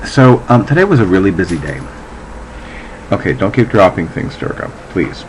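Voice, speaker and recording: A man with a lowish voice talks to his camera at home in a loose, rambling way, swearing freely as he goes. A faint hum of room noise sits behind him. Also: big pitch swings, moderate pace, poor audio. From New Jersey. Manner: chatty, meandering, swears freely. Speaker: vlogger, psychic. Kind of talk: casual rambling chat to camera. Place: at home, indoors.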